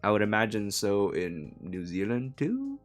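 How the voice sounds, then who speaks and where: A man from Hong Kong chats his way through a live translation stream, rambling and correcting himself as he goes. His pitch swings in a lively, animated way, and he chuckles often. Soft guitar music plays faintly behind him. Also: a little slow. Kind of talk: casual live-stream chat.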